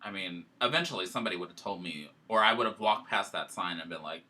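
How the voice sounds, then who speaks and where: A man hosting a casual chat, telling a story in an animated, emotional way. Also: low-pitched, quick pace.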